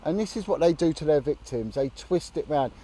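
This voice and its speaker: A man sits outdoors on a bench and speaks to camera in an earnest, indignant way, swearing bluntly now and then. His voice is mellow and dark, and faint traffic hum sits behind him. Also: a little high, expressive, a little fast. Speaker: vlogger on a long charity walk. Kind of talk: casual outdoor chat to camera. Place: outdoors, sitting on a bench by a road.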